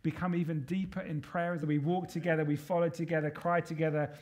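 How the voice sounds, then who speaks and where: High-voiced man preaching an emphatic sermon. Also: little pitch movement, fast, darkish tone. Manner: emphatic, rallying the congregation with call-and-response questions.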